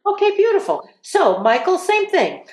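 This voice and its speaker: A woman's voice: very high-pitched, wildly swooping pitch, normal speed, darkish tone, echoey room. A woman voice teacher coaching students through vowel exercises, encouraging them and singing examples. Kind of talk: live group voice lesson.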